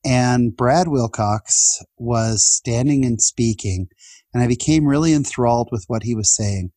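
A man's voice: mid-range voice, measured pace, warm tone, dry recording. A man in his forties telling personal stories in a casual podcast chat, earnest and emotional, laughing now and then. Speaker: guest.

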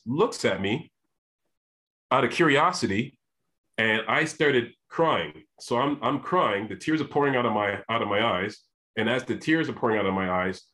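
A man telling a long personal story, animated, often restarting his sentences and acting out what people said. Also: on the low side. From Canada. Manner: animated, repeats and restarts, acts out quoted voices. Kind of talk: storytelling monologue.

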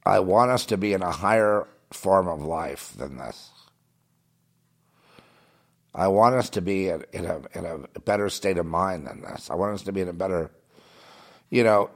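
A man delivering a rambling political monologue, halting and restarting, swinging from muttering to agitated outbursts. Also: low voice, animated. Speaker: commentator.

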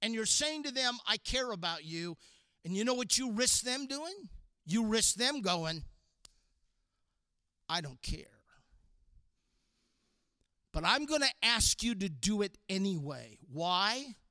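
A man giving a sermon to young people, playful and sarcastic, acting out quotes with animated voices. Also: sits high, unhurried, dry recording, studio quality. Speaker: youth pastor. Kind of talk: sermon to a youth audience.

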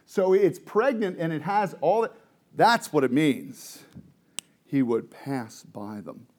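A man's voice: on the high side, slow. Man teaching a Bible class. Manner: animated, explains with questions to the group. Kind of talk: Bible study lecture.

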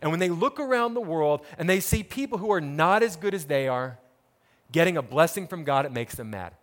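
A man's voice: fairly high pitch, animated, fairly quick. A man preaching a sermon, telling a parable dramatically and acting out the characters' words. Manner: dramatic storytelling, acts out quoted characters. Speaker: pastor.

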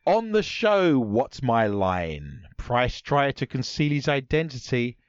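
A man's voice: medium pitch, sing-song, takes it slowly, clean tone, no echo, lo-fi sound. A man hosting a comedy podcast quiz, playful and teasing, full of puns. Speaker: quiz host.

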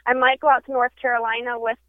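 A woman's voice: fairly high pitch, flat delivery, fast, dry recording. Bubbly young woman on a tinny phone line. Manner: bubbly, upbeat and talkative. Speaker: guest, brand promo model. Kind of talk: casual interview by phone.

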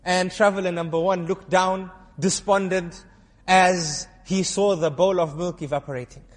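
A man's voice: high voice, moderate pace. A male Islamic preacher telling a story in a sermon, quizzing and teasing his audience as he goes. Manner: lively storyteller who quizzes and teases the audience. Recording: long hall reverb.

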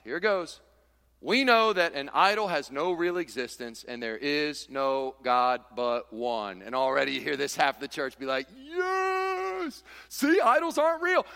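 A high, lively male voice preaching with bright energy, swinging up and down as he plays out the voices of arguing church members. His words ring with a long reverb, as in a big church hall. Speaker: pastor. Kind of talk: sermon.

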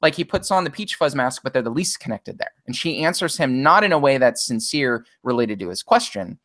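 A man's voice: mid-range voice, lively intonation, brisk, fairly bright tone, no echo, studio quality. A man co-hosting a podcast in casual chat, analytical and thinking aloud with frequent restarts. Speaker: podcast co-host.

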